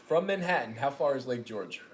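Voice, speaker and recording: A man's voice: medium pitch, expressive, a little fast. A young man with a Long Island accent chatting casually with his partner on a stream, rambling and joking and greeting viewers. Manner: rambling, jokey, greets viewers mid-talk. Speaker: live stream host.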